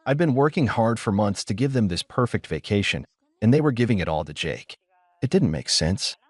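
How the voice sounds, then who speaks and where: A man narrating a first-person story in a steady, measured way. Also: fairly low pitch, no echo.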